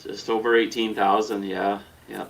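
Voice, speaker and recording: A man's voice: lowish voice, little pitch movement, moderate pace, gravelly, recorded from a distance, rough recording. A man guesting on a live show, the creator of an online music group, talking in an easygoing, understated way. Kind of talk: casual interview chat.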